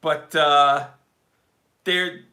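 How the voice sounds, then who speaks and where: A man's voice: fairly high pitch, fairly even intonation, drawn-out words, pushed and bright. A man hosting a casual live stream, chatting upbeat and reading out viewer comments with lots of fillers.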